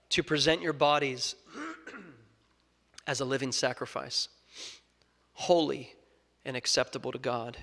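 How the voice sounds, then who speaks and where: A young man preaching a sermon, earnest, moving between loud emphasis and soft scripture reading. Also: medium pitch. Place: church sanctuary. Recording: long reverb of a large hall.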